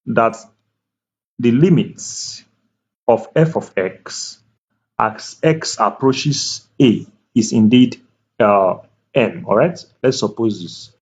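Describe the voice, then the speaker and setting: A man tutoring math at a board, speaking slowly and deliberately, repeating key words and checking that the viewer is following. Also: medium pitch, darkish tone, slightly rough. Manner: slow, deliberate, repeats key words, asks "can you see that?". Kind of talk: whiteboard math lecture. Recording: dull lo-fi recording.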